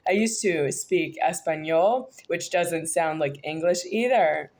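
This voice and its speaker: Low-pitched woman from the us, rambling vlog talk, lots of uhs and stops. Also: darkish tone. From United States. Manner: halting, disjointed, many hesitations. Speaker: vlogger. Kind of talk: rambling monologue to camera.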